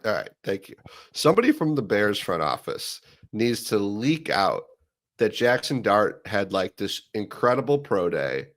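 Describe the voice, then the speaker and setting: A man's voice: fairly low pitch, sing-song, measured pace. A man in casual sports chat, playful, spinning long joking hypotheticals. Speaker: sports podcaster.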